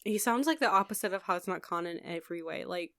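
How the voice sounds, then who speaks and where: A woman co-hosting a casual history podcast, reacting quickly and laughing along. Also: fairly low pitch, lively intonation, a bit bright. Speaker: podcast co-host.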